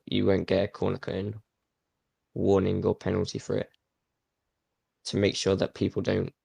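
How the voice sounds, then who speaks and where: A man's voice: low voice, vocal fry, no room sound. A young man answering interview questions as a league official, plain and matter-of-fact.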